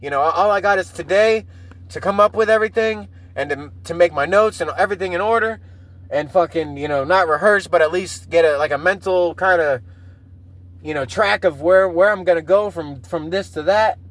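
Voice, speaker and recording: High-voiced profane man in his thirties. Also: moderate pace, fairly bright tone, rough recording. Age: 30s. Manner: profane, rambling, laughs at himself. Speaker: podcast host. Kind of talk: casual solo podcast rant.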